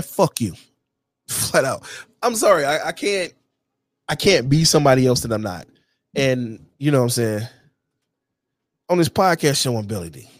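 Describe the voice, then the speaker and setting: Blunt male host, swears freely, casual monologue to camera, dry close sound, middle pitch. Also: no room sound. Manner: blunt, heavily profane, repeats "you know what I'm saying". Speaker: podcast host.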